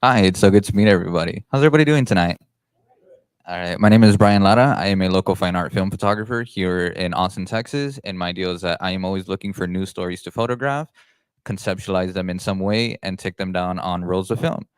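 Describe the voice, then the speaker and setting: Deep smooth voice, friendly upbeat guy, photographer pitching himself. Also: fast, no room sound, studio quality. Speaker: fine art photographer. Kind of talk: self-introduction at a networking meetup.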